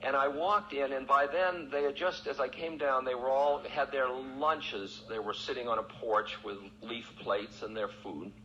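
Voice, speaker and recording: A man's voice: medium pitch, normal speed, few pauses, bright, forceful tone. Man telling a story on a dull lo-fi recording. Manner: candid, self-mocking, laughs often. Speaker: spiritual teacher. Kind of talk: storytelling talk. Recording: dull, lo-fi archival recording with faint hiss.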